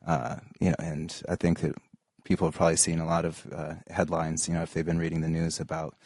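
A man's voice: very deep voice, completely flat delivery, a little fast, darkish tone, no echo, studio quality. A man in casual chat, hedging his points with many "you know"s.

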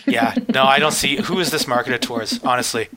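A man's voice: medium pitch, big pitch swings, brisk, crowd noise. A man co-hosting a casual health news chat, wry and joking, thinking aloud with many fillers. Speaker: show host.

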